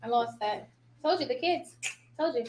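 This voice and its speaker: A woman who trains notaries hosts a casual live stream from her home office, chatting and rambling, often losing her train of thought and laughing. Her high voice has lively intonation, a normal speed and a slightly mellow quality. The room echoes, with a little hiss or hum.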